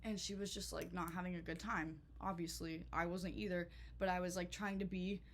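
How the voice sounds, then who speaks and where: A young woman telling a storytime vlog in a chatty, animated way, full of swearing and filler words. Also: lowish voice, a little fast, a little hiss or hum. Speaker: vlogger.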